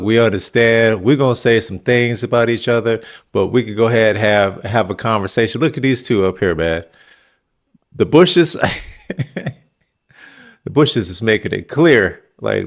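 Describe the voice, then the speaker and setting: A man giving casual, animated reaction commentary in heavy slang. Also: mid-range voice, unhurried.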